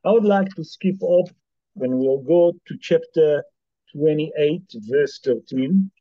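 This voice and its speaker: A man's voice: a little high, warm tone, no echo. A man teaching a Torah lesson as a rabbi, posing rhetorical questions with emphasis in non-native English. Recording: dull lo-fi dry recording.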